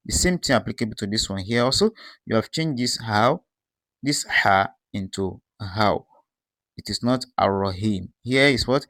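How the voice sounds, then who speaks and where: A man teaching pronunciation, calmly explaining and posing rhetorical questions as he contrasts correct and incorrect forms. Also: medium pitch, moderate pace, no room sound, studio quality. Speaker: Quran recitation teacher. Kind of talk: explanatory lesson with recited examples.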